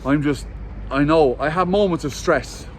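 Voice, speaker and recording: A man in his forties, an interview guest talking openly while walking outdoors, telling stories with halting restarts. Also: a little high, a little hiss or hum. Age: 40s. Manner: open, storytelling, halting restarts. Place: outdoors in a hillside village, walking.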